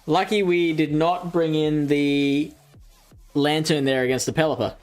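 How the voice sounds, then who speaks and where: Soft music plays behind an Australian man whose slightly high, smooth voice stays fairly even and a little slow. He hosts a live game stream, chatting casually, reading viewer comments, thinking aloud, and laughing at himself.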